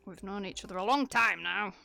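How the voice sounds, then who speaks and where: A woman's voice: mid-range voice, a little fast, gravelly, sharp tone, no echo, soft background music. A woman with a Northern English accent, chatting casually and teasing on a livestream while building a keyboard, laughing often.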